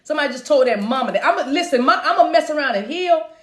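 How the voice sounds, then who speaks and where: Animated woman chanting in tongues, roomy echo. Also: sits high, racing. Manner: breaks into chanted tongues, calls listeners "baby"; animated, rhythmic, preacher-like delivery. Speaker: spiritual reader and channel host. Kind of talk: live-streamed spiritual reading.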